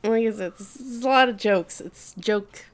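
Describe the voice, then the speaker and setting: Woman, casual chat, recapping an anime, lively storyteller, cursing, laughing, smooth clear voice. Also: on the high side, moderate pace. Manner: animated storyteller, swears freely, laughs often. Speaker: podcast co-host.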